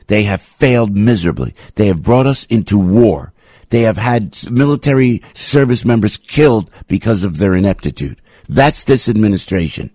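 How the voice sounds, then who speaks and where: Brief: husky male radio host, dry studio mic, rants with sudden jumps to a high pitch. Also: darkish tone, dry recording. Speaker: radio talk show host. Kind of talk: opinionated talk radio monologue. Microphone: studio radio microphone.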